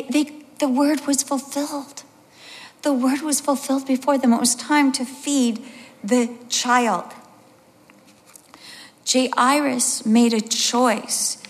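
A woman's voice: on the high side, long reverb tail. A woman in her sixties preaching a sermon, telling stories with animation and acting out the voices of the people in them. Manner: animated storytelling, acts out voices.

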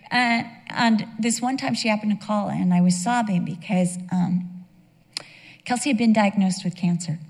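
A woman in her fifties tells her story as an emotional, sermon-like testimony, voicing the dialogue herself. She speaks at a normal speed in a mid-range, darkish voice, and the long reverb of a large hall surrounds her.

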